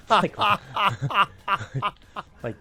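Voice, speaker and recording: A man's voice: high voice, big pitch swings, very slow, vocal fry, pushed and bright, husky. A man co-hosting a gaming stream, chatting casually with blunt jokes and casual swearing. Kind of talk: casual live-stream chat while gaming.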